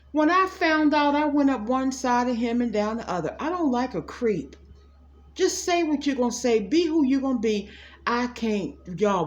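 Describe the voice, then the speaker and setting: A middle-aged woman doing a casual psychic reading for her viewers. She is blunt and sassy and keeps calling them "y'all". Her voice sits at an ordinary middle pitch. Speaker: psychic tarot reader. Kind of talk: casual direct-to-camera reading.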